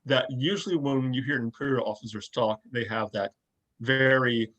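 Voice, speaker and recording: A man with a mid-range voice co-hosts a casual chat. He talks thoughtfully, often pausing and restarting as he works out what he means. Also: mid-range voice, fairly bright tone, dull audio. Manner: thoughtful, searches for words with fillers and restarts. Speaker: podcast co-host.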